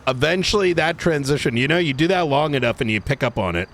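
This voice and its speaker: A man's voice: on the high side, expressive, fast, fairly bright tone, slight background noise. A man chatting casually on a live stream, rambling with restarts and the odd swear.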